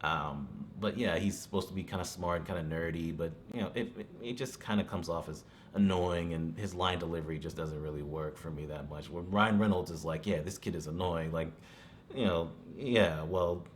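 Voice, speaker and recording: A man talks through a movie review in a loose, rambling way, dropping "you know" and small chuckles as he goes. His voice is very low. A faint hiss runs underneath. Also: steady tone, moderate pace. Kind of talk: casual spoken review.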